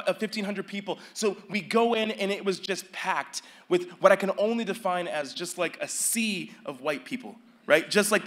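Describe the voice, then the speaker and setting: A male pastor preaching a sermon, telling a story with animated swings from hushed, quiet passages to near-shouted peaks. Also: a little high. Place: church sanctuary.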